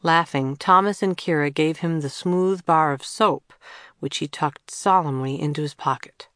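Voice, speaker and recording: Woman narrator, low voice, dry close sound, calm storytelling. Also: normal speed, dry recording. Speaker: audiobook narrator. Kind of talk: scripted narration.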